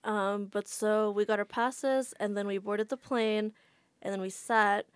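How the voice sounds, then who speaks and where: A woman's voice: medium pitch, fairly even intonation, a little slow, smooth, no room sound. A woman guest on a podcast, telling a travel story in a chatty way with a lot of "like" fillers. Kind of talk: casual storytelling.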